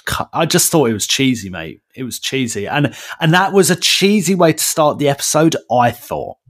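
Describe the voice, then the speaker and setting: A man, co-hosting a podcast in casual, animated chat, often ranting and restarting his sentences. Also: mid-range voice, moderate pace. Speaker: podcast co-host.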